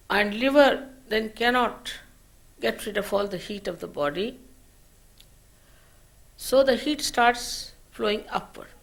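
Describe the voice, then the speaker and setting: A woman delivers a spiritual lecture in a measured, unhurried way. Her voice has a gravelly, creaky texture. Her phrases often trail off softly at the end. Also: fairly high pitch. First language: Marathi. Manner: slow, measured teaching with soft trailing phrase ends. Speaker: spiritual teacher. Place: lecture hall at a public program.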